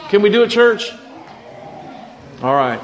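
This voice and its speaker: A man's voice: sits high, sing-song, a little slow, dull audio. A man preaching a sermon to his church in a conversational way. He asks the congregation questions and acts out the voices of people he quotes. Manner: acts out quoted voices, repeats words when starting sentences. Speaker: pastor.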